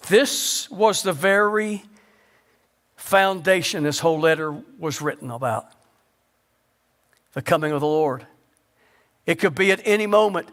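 A male pastor preaching a sermon, asking the congregation questions and sinking to a low hush to stress a point. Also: unhurried, pauses often. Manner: rhetorical questions, sudden drops to a low hush for emphasis.

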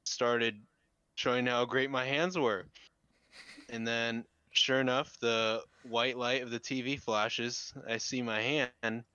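A man in his twenties, a podcast co-host, telling an animated and profane story in casual chat. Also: medium pitch, takes it slowly, clean tone, dry recording. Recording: slightly dull lo-fi sound.

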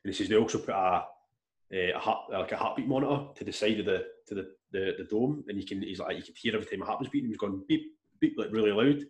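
A man telling a long story in casual chat, rambling and animated, with restarts and swearing. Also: fairly low pitch, fast. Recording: echoey room.

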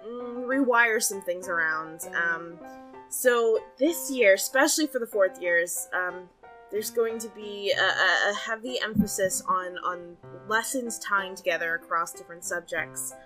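A woman's voice: medium pitch, a little slow, bright, forceful tone, faint music behind. A woman voicing an earnest female magic professor who rambles with many fillers.

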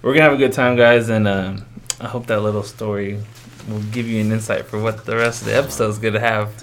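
A man's voice: lowish voice, flat delivery, quick pace, fairly bright tone, a little hiss or hum. A man hosting a podcast in casual chat, loose and laughing, swearing freely. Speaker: podcast host.

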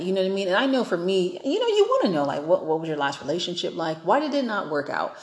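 A woman's voice: medium pitch, very animated, fairly quick, darkish tone, echoey room. A woman giving frank, chatty dating advice in a casual monologue, acting out the people she quotes.

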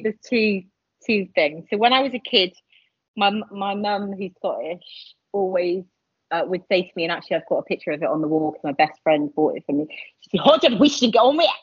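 A woman in her forties chatting casually as a podcast guest, animated and quick to laugh. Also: lowish voice, slightly rough, no echo. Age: 40s. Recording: dull lo-fi sound.

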